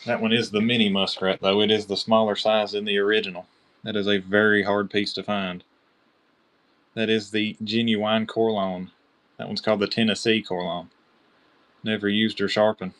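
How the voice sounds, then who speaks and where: Kentucky guy running a live knife auction, lowish voice, chatty and excited, shouts out bidders. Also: normal speed. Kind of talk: live-stream auction selling.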